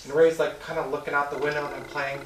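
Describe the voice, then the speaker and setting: Man, memorial speaker, animated storyteller, echoey hall, distant mic, background noise. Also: fairly high pitch, quick pace. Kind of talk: telling a story. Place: congregation hall. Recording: echoey room from far off, noisy.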